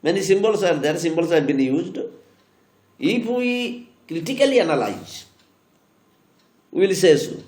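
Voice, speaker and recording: A high, lively male voice with an Indian English accent, teaching slowly and spelling points out again and again. He repeats every key phrase to drive it home, and the recording has the echo of a bare room. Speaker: literature teacher. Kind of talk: classroom lecture on poetry. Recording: echoey room.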